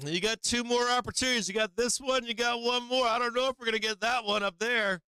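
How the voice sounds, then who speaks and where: Brash trading-stream host, a man with a sharp, high voice, swearing freely. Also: steady tone, quick pace, clear, resonant tone, no echo. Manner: brash and profane, laughing often. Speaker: stock market livestream host. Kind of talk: live trading commentary.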